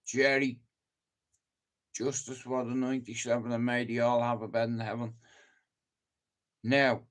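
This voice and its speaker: An Irish man streaming live, telling stories in a sweary, emphatic way. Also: mid-range voice. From Ireland. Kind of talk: casual live-stream monologue.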